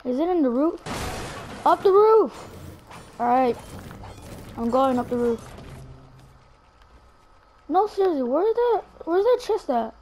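A woman giving live gameplay commentary, chatty and excitable, talking straight to her viewers. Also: sits high, unhurried, pauses often, slight background noise.

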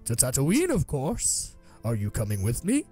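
A man voicing a calm, wise male Jedi master, speaking gently. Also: mid-range voice, normal speed, faint music behind.

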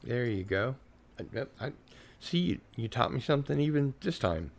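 A man's voice: medium pitch, big pitch swings, normal speed, vocal fry. A man hosting a casual watch party stream, running a giveaway in an easygoing way.

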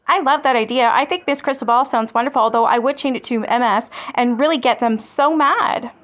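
A woman's voice: fairly high pitch, brisk, a bit bright. A woman hosting a commentary channel, reading online comments aloud and answering them with sarcasm and swearing. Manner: sarcastic and scornful, swears freely.

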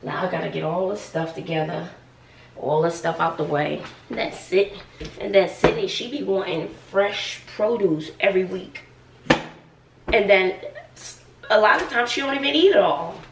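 Gravelly sassy teacher lady chatting while she cooks, kinda far from the mic in an echoey kitchen. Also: fairly low pitch, normal speed, noisy background. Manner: sassy, chatty, addresses viewers as y'all. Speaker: schoolteacher. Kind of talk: casual vlog chat while cooking. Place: home kitchen.

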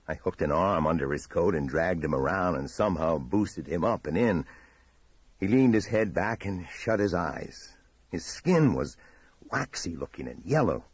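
A man reading a horror audiobook in a measured, dramatic storytelling manner. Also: deep voice, lively intonation, slightly rough, no echo. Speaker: audiobook narrator. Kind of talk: scripted horror narration.

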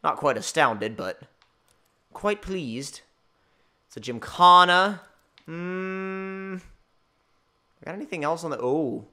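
A man giving excitable, jokey, rambling commentary while playing a racing game. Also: fairly high pitch, slow pace, clean tone. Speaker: gaming channel host. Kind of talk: gameplay commentary.

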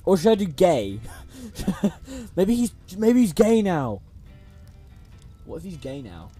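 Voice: medium pitch, very animated, takes it slowly, warm tone, soft background music. A streamer chatting casually over a story game, reading the characters' lines aloud in playful voices and swearing in slangy asides. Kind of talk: casual gaming livestream commentary.

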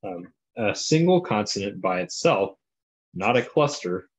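Low-voiced man reading a textbook aloud. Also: very animated, unhurried. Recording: dull lo-fi classroom recording.

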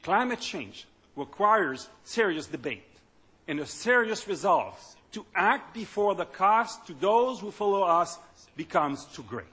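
A man doing a put-on Australian accent for a quotation. The reading is measured and deliberate, in a high, bright and slightly husky voice. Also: sing-song, exaggerated voice. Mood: earnest.

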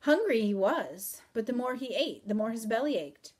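A woman reading aloud in the voice of a mysterious, teasing wandering man with calm, old-country phrasing. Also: a little high, moderate pace, slightly rough. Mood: wry. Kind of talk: audiobook reading.

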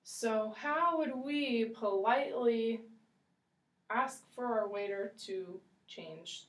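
A woman teaching English, slow and encouraging, repeating phrases for a learner. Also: a little high, distant mic. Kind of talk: ESL role-play lesson. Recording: echoey room, voice from afar.

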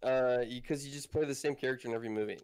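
A man's voice: mid-range voice, steady tone, racing, darkish tone, smooth, dry recording. A man joking and teasing his friends in casual gaming chat. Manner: teasing, jokey. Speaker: gamer friend.

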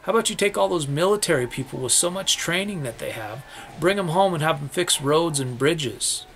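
A man's voice: a little high, expressive, a little fast, a bit bright, a little hiss or hum. A young man ranting about politics, cursing often and firing off repeated rhetorical questions. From United States. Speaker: vlogger. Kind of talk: angry political rant.

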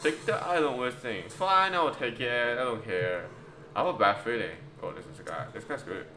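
A man's voice: mid-range voice, animated, normal speed. Chatty man commentating a card game. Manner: chatty, reacting aloud to a card game, addressing viewers as guys. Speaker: gameplay youtuber. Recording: roomy echo with loud background music.

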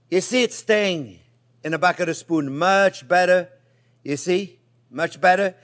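An older man with a French accent, a chef chatting warmly through a cooking demonstration and calling viewers his friends. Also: high-pitched, animated, measured pace. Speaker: chef host.

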